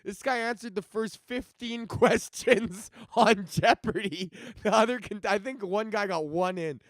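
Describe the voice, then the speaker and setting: A man's voice: high voice, a little slow, no echo. A man hosting his own comedy podcast, telling stories in a casual, profane rant and acting out the lines of people he quotes. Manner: profane, animated storytelling with acted-out quotes. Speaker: podcast host and stand-up comedian.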